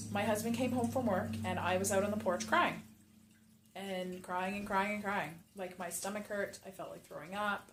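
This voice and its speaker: A woman's voice: medium pitch, a little hiss or hum. A woman who teaches classes for mothers and babies, frankly and emotionally telling her own story and repeating short phrases for emphasis. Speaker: mother and baby class instructor. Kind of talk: candid personal storytelling to camera. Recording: roomy echo.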